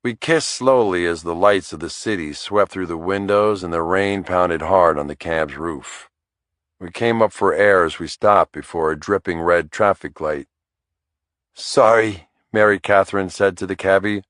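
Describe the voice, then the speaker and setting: A man narrating a thriller audiobook in the first person, in a wry, measured storytelling manner. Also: sits low, a bit bright, dry recording, studio quality.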